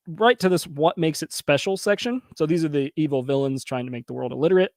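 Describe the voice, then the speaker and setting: A man in his thirties hosting a casual review show, chatty and quick to laugh, talking straight to his viewers. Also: a little high, darkish tone, no room sound, clean studio sound. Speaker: host reviewing crowdfunding pages. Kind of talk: casual commentary.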